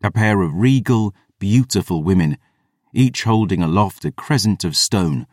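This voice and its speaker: Deep-voiced man narrating a fantasy audiobook. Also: lively intonation, a little mellow, no room sound, clean studio sound. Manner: measured, descriptive, first-person.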